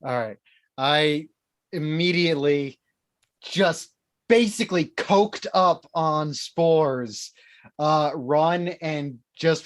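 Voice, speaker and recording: A player in a tabletop game, talking excitedly about reckless moves. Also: medium pitch, slow. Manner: excitable, animated. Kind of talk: tabletop role-play chat.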